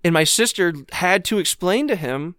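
A man's voice: high-pitched, animated, moderate pace, a bit bright, dry recording. A man co-hosting a podcast, telling stories in a laid-back, swearing casual chat in a studio. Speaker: podcast co-host.

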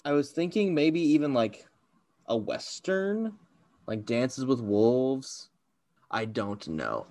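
A man's voice: medium pitch, big pitch swings, takes it slowly, darkish tone, no echo. Rambling laughing man on a podcast. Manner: rambling, laughing, self-deprecating. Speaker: podcast co-host guessing movies. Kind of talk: casual chat.

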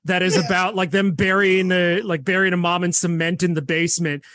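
A man's voice: high voice, a little fast, no echo, clean studio sound. A man co-hosting a casual podcast, animatedly recapping a film and acting out the characters' lines. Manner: animated storyteller acting out quotes. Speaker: podcast co-host.

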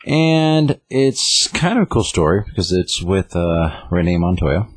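A man's voice: sits low, very animated, unhurried, breathy edge, no echo, studio quality. A man casually recapping a comic story, rambling with lots of fillers. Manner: rambling retelling with many fillers. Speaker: comic book reviewer. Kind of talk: casual chat.

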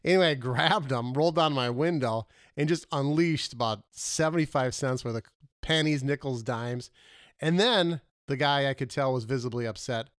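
A man co-hosting a casual comedy podcast, telling animated stories with laughs and fillers. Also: mid-range voice, moderate pace, smooth, dry recording, clean studio sound. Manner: animated storyteller, laughs often, trails off with fillers. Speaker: podcast co-host.

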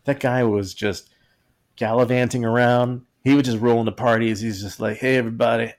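A man's voice: medium pitch, fairly even intonation, normal speed, a little mellow. A man co-hosting a podcast in casual, joking chat, rambling and acting out quotes in silly voices. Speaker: podcast co-host.

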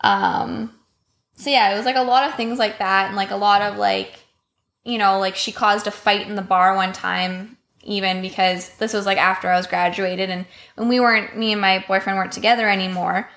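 A bright-voiced young woman telling a personal story on a podcast, casual and blunt. Her speech is loose and profane, full of "um" and "like", with a clear, forward tone. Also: medium pitch, steady tone, normal speed. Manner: candid, profane, heavy filler words. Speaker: podcast guest.

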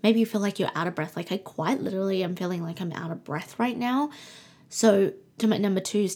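A young woman with a breathy, slightly husky voice hosts a spiritual podcast. She reads cards and speaks softly and soothingly, slowing down to draw out her affirmations. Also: medium pitch. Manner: soft, soothing, slows down for affirmations. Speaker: podcast host. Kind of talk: spiritual card-reading podcast talk.

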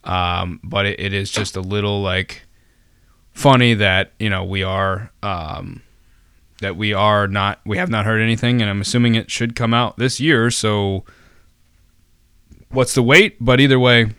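A man's voice: lowish voice, fairly even intonation, measured pace, bright, forceful tone, smooth, dry recording, studio quality. A man hosting a casual podcast, rambling with many fillers and restarts and tossing in jokey asides. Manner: jokey, self-deprecating asides. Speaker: podcast host.

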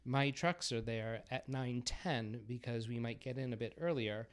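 A middle-aged man from Massachusetts with a Boston accent, chatting as a podcast guest in an animated, self-deprecating way. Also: mid-range voice, unhurried, clean tone. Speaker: guest, floral designer. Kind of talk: casual podcast interview.

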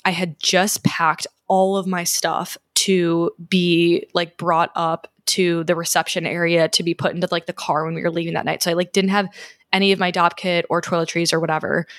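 A young woman in her twenties vlogging, telling a story in a chatty, excited way with lots of fillers. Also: fairly low pitch, normal speed, no room sound, clean studio sound. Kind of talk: casual storytelling.

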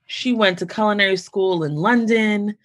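A woman guest on a podcast, in casual, animated conversation, talking in quick bursts and restarting her sentences often. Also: mid-range voice. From United States. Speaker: podcast guest, founder of a mental health community.

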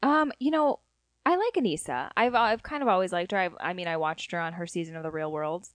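A woman co-hosting a casual podcast, relaxed, with short agreements and wry asides. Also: fairly low pitch, fairly quick, no room sound. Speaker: podcast co-host. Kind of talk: casual chat about reality TV.

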